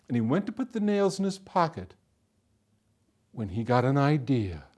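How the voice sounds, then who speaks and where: A man telling a folktale in an animated, expressive way, slowing down for effect. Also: mid-range voice. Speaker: storyteller. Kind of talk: folktale storytelling performance.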